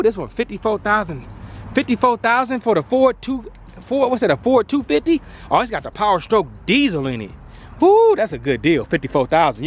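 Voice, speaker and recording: Animated man exclaiming on a car lot. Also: on the high side, a little hiss or hum. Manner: animated, exclaiming at prices, slangy. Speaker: YouTuber touring a used car lot. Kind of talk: casual walk-around vlog. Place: outdoor car dealership lot.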